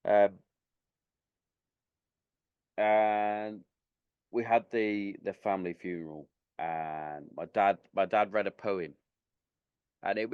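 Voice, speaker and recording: A low-voiced man, talking loosely and candidly on a podcast. He is a little tipsy and swears freely. The sound is dry and close. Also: a little mellow, smooth, no room sound, lo-fi sound. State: slightly tipsy. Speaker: podcast host. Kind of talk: casual podcast chat.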